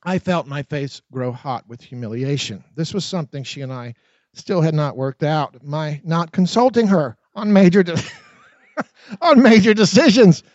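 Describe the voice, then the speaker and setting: A man narrating his own memoir in an expressive, dramatic audiobook reading. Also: on the high side, moderate pace, no echo. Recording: dull, lo-fi dry recording.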